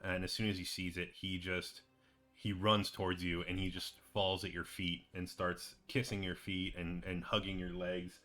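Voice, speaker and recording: A man's voice: low-pitched, flat delivery, normal speed, sharp tone. A man running a tabletop game as game master, narrating with many hesitations and fillers.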